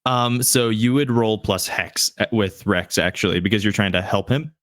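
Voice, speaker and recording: Male game master, low voice, dry close sound, stop-start delivery. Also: a bit bright, no room sound. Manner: halting, with frequent restarts and fillers. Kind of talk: narrating a tabletop game.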